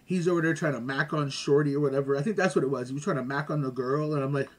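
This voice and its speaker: A man telling stories in casual chat as a guest, animated and slangy, laughing along. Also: on the high side, racing.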